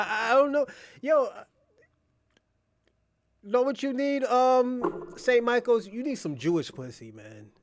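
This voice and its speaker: A man hosting a podcast live stream, bantering with chatters in a brash, mocking, profane way. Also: high voice. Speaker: livestream podcast host. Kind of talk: casual live chat reacting to viewers.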